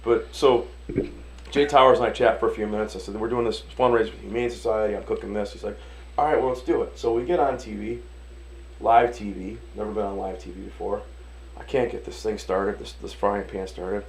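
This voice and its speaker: A man from Detroit, a restaurant owner and chef, telling animated stories in a casual interview, acting out the voices of the people in them and swearing casually. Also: on the low side, brisk, a little hiss or hum, low-quality recording. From Detroit, USA.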